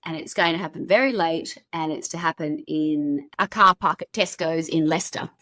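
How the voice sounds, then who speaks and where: A woman's voice: sits low, moderate pace, a bit bright, no room sound, studio quality. A woman hosting a podcast, telling a true crime story in a chatty, casual way and laughing at her own slips.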